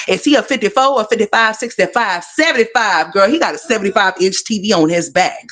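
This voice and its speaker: A woman's voice: medium pitch, brisk, fairly bright tone. A woman hosting a casual gossip commentary livestream, sassy and profane, talking straight to her viewers.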